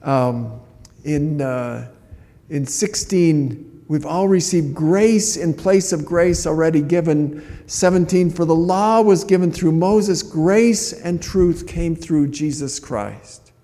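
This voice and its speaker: A man's voice: fairly high pitch, takes it slowly, dark tone, in a large hall. A man preaching a sermon as a pastor, earnest and conversational, often restarting his phrases.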